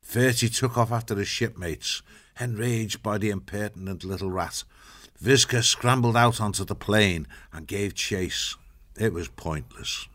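A man reading an audiobook in steady, measured scripted narration. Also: on the low side.

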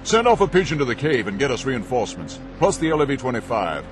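A man's voice: mid-range voice, big pitch swings, quick pace, over music, voice pushed up, lightly acted. A man narrating an audiobook, voicing a smug, languid male villain warlord with an arrogant drawl. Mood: commanding. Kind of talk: audiobook character voice.

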